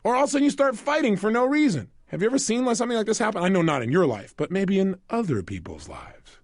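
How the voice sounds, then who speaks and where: A man's voice: sits high, quick pace, no echo, clean studio sound. A man giving a motivational seminar talk, asking his listeners questions and acting out little quotes as he goes. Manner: animated, asks the audience questions and acts out quotes. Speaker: self-help seminar speaker.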